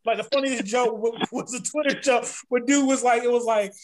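A man co-hosting a podcast in loose casual chat. He curses freely and tells stories with animated impressions, swinging his voice up high for quoted bits. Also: brisk, a crowd in the background. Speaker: podcast co-host.

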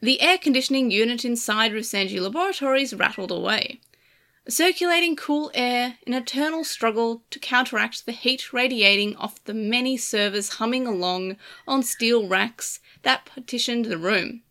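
A woman narrating a game's story chapter aloud in a steady, measured reading. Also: a little high.

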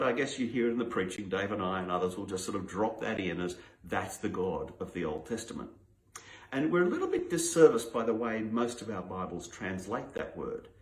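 Aussie guy preaching a teaching sermon, lowish voice, echoey church hall sound. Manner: explanatory, teacherly, unhurried. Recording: roomy echo.

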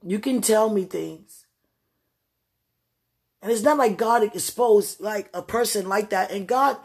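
A person who has just woken up, talking aloud to God in a spontaneous spiritual message. They ramble and swing from excited bursts to quiet murmurs. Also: medium pitch, gravelly, slightly rough. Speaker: spiritual vlogger.

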